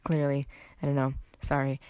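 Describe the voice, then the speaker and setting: Low-voiced rambling young woman. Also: monotone, normal speed, darkish tone, clean tone, no echo. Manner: rambling, chatty, self-interrupting with "like" and "anyway". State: a little under the weather. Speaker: podcast host. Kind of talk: casual solo podcast chat.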